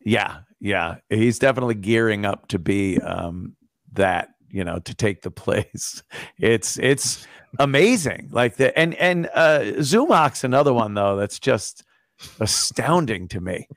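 A man's voice: on the low side, animated, measured pace, no room sound, clean studio sound. A middle-aged man, a former radio host, chatting as a guest on a podcast, wry and profane, often laughing. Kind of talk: casual podcast chat.

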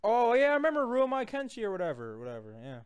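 A young-sounding man with a high, bouncing voice trash-talks through a fighting game with a friend. He leaps from yells to low, smug mutters and laughs constantly. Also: wildly swooping pitch, rapid-fire, clean tone. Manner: swings between yelling and low taunting mutters, laughs often. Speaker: gaming channel host. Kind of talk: trash-talking gameplay commentary.

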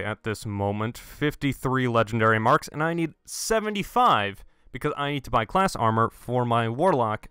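Excitable young man doing gameplay commentary. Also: medium pitch, smooth, dry recording, clean studio sound. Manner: excitable, jokey, swears at deaths. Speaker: gaming channel host. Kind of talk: let's-play gameplay commentary.

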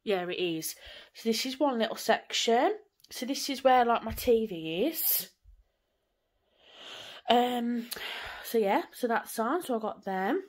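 A woman's voice: a little high, expressive, slow, long pauses. A woman, chatting casually and rambling on in a home vlog from her living room. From England. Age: 20s. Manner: chatty, rambling, swears lightly. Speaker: vlogger.

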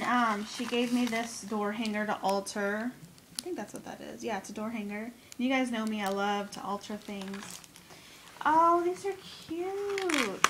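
A woman with a high, bright-pitched voice gushes her way through a craft haul, full of gasps and delighted exclamations. She talks at an unhurried pace, dwelling on each gift. A steady hiss of noise sits under the recording. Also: low-quality recording. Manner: gushing and excitable, gasps and repeated exclamations. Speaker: crafting vlogger. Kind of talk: casual unboxing haul video.

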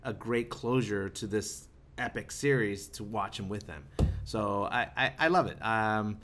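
A man's voice: lowish voice, unhurried, background noise. A man hosting a casual movie podcast roundtable, often stammering and restarting his sentences. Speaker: podcast host.

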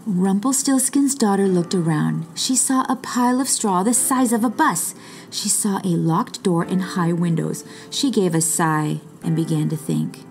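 A woman's voice: lowish voice, a little slow, darkish tone, soft background music. A woman reading a storybook aloud in a read-along, shifting her voice for the characters. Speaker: music teacher reading aloud.

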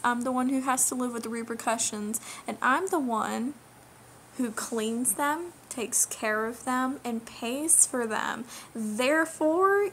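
A woman's voice: high-pitched, unhurried, fairly bright tone, a little hiss or hum. A young woman ranting straight to camera in a vlog, indignant and emphatic, lecturing and repeating her key phrases. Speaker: vlogger. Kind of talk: direct-to-camera rant.

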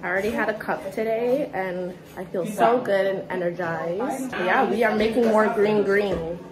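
A woman's voice: medium pitch, normal speed, a crowd in the background. A woman vlogging chattily and cheerfully while out and about, with music playing underneath. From Ghana. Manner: bubbly, chatty. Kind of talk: casual vlog. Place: out and about at a market, home and zoo. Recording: background music over the vlog.

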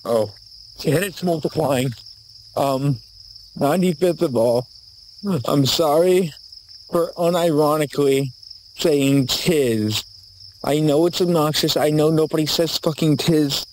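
Speaking slowly with frequent pauses, a man with a somewhat high, slightly mellow voice delivers a mock apology monologue for a horror comedy short. The video creator rambles nervously, stammering and cursing, as he films himself with a handheld camera in a forest at night. The rough recording has slight background noise and faint crickets and insects.

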